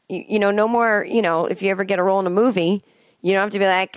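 A woman with a medium-pitched voice talks fast in a dry, echo-free recording. Hosting a podcast from her bed at home, she rambles through a chatty solo monologue, slipping into sung bits and acted-out voices.

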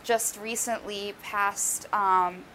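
A woman's voice: medium pitch, steady tone, slow, sharp tone, a little hiss or hum. A woman correspondent in a casual news chat, talking with many ums. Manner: hesitant, many fillers.

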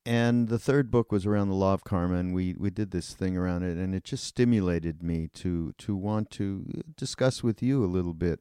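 An older man hosting a podcast, talking hesitantly with many filler pauses. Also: sits low, dark tone, clear, resonant tone, no room sound, clean studio sound. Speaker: podcast host. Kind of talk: conversational interview.

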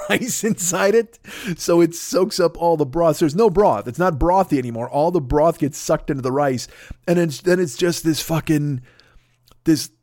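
A man's voice: medium pitch, dry recording, studio quality. A man in his fifties telling a rambling, crude comic monologue as a podcast host. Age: 50s. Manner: rambling, crude, animated storytelling.

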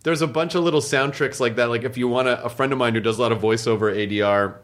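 A man hosting a casual podcast chat, animated and profane, acting out exchanges and laughing as he talks. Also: medium pitch, fast talker. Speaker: podcast host and show producer.

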